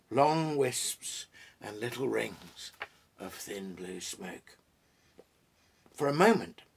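Gravelly expressive male reader. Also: fairly high pitch. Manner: expressive, relishing. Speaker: poet reading aloud. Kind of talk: storybook reading with commentary.

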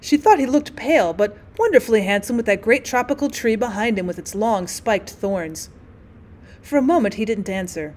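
A woman teacher reading a classic short story aloud as an audiobook, voicing the dialogue expressively, with an occasional slip and restart. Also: moderate pace. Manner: expressive, voices the dialogue with small pitch shifts.

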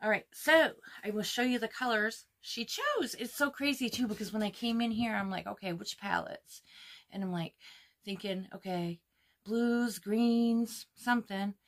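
A woman in her fifties chatting casually through a makeup tutorial at home, gushing over the colors and sometimes dropping to a soft whisper. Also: on the high side, unhurried. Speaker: beauty vlogger.

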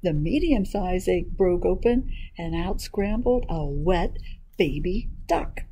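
Woman librarian, storytime reading, very slow, mellow, animated, faint noise. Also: on the low side, husky, low-quality recording. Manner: animated, asks the listeners questions. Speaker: children's librarian. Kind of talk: reading a picture book to children.

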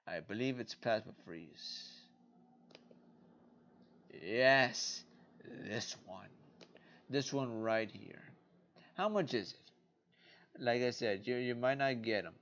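A sleepy man hosting a casual card game vlog late at night, rambling playfully and talking to himself as he browses. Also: medium pitch. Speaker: card game video host. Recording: dull lo-fi recording.

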